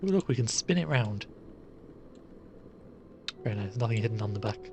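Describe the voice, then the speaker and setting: A man's voice: lowish voice, expressive, normal speed, darkish tone, a little hiss or hum. A man casually commenting while playing a game live, chatty and jokey with rambling asides.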